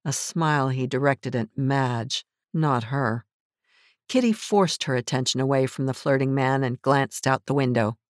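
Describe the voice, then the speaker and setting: Audiobook narrator, mid pitch, measured, close dry studio mic. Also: steady tone, no room sound. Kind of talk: scripted narration.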